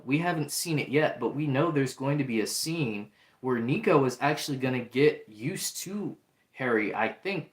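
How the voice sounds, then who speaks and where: Man, casual show review, chatty with fillers, middle pitch, roomy echo. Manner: chatty, many fillers and restarts, acts out quotes.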